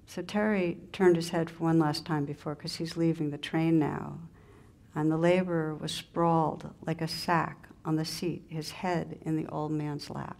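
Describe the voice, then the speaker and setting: Low, gravelly-voiced woman meditation teacher. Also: little pitch movement. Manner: gentle, unhurried, in short pausing phrases. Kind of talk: spiritual talk with storytelling.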